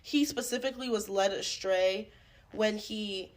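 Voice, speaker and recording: A woman's voice: mid-range voice, measured pace. A woman guesting on a podcast, chatting casually about a film, blunt and opinionated, swearing freely. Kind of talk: casual film review chat.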